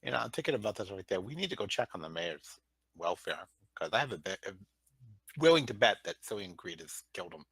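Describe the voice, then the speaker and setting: A man's voice: low-pitched, sing-song, quick pace, a bit bright, husky, no echo, rough recording. A man playing in a tabletop game, making sarcastic jokes in casual chat. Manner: joking, sarcastic. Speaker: player.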